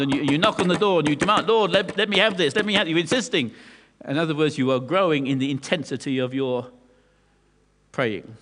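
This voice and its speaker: A man preaching a sermon earnestly, often repeating words as he goes. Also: a little high. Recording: long hall reverb.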